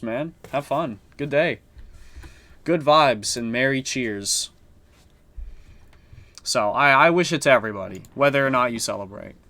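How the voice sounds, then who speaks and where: A man's voice: medium pitch, fairly bright tone. Laid-back swearing male game streamer. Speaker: streamer playing a strategy board game. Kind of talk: casual live-stream commentary.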